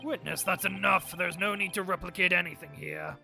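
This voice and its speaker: A woman's voice: on the low side, a little fast, gravelly, music in the background. Woman doing a fussy old judge. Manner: flustered, mildly scolding. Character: older, fussy male courtroom judge.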